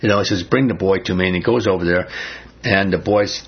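A man with a lowish, husky voice leads a small Bible study. He talks in a conversational way, quizzing the group and retelling scripture in plain speech. The recording is muffled and lo-fi. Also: fast talker. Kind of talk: informal Bible study teaching.

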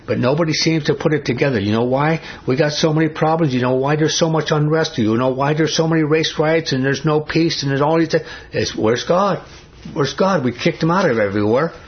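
A man's voice: a little high, a little fast. A man preaching a sermon, emphatic, often repeating "I'm telling you" and putting questions to his listeners. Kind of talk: sermon, Bible study. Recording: dull lo-fi recording.

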